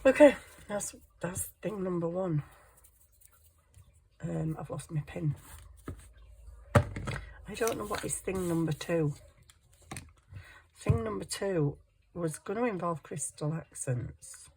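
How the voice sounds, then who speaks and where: A woman's voice: lowish voice, slow, pauses often, darkish tone, slight background noise. A woman chatting casually to viewers and herself as she works on a wire craft project. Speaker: craft vlogger. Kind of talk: casual chat while crafting.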